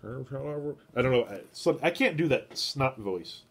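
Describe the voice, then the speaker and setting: A man hosting a casual live stream from his garage shed. He rambles, fills pauses with "uh", chats with viewers, and has a stuffy nose. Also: medium pitch, sing-song, a bit bright, husky. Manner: meandering, heavy on "uh" fillers, chats with viewers.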